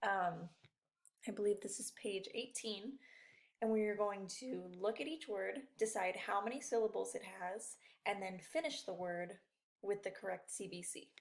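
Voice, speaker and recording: A woman's voice: medium pitch, moderate pace. A woman teacher going over a worksheet in a remote lesson for young children, patient and encouraging.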